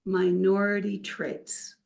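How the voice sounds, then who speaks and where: An older woman who works as a wealth counselor is a guest on a podcast, telling stories in a casual interview. Her medium-pitched voice is creaky and slow, and she animatedly acts out the quotes in her tales.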